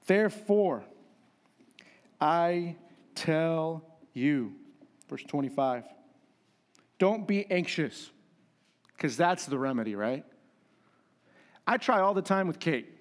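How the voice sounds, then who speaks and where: A pastor preaching a conversational, emphatic sermon with humor and rhetorical questions. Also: male voice, on the high side, expressive, takes it slowly, long pauses.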